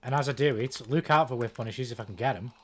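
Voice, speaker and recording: A man streaming a fighting game, swearing casually and thinking out loud about his strategy. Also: medium pitch, fast. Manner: profane, thinks out loud, self-deprecating. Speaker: gaming streamer. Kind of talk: casual commentary while playing a fighting game.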